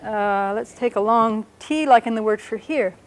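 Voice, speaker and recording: A woman teaching a language lesson, explaining patiently and sounding out words slowly and carefully. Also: on the high side, slight background noise.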